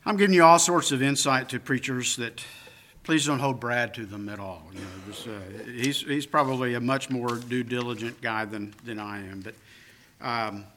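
A man's voice: medium pitch, moderate pace, fairly bright tone. A man preaching a sermon as pastor, conversational with self-deprecating asides, building emphasis through repetition. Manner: emphatic repetition, rising on key phrases.

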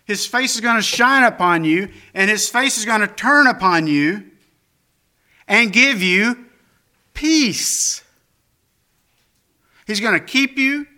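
A man's voice: sits high, animated, moderate pace, pushed and bright. A man preaching a sermon as pastor, conversational with self-deprecating asides, building emphasis through repetition. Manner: emphatic repetition, rising on key phrases.

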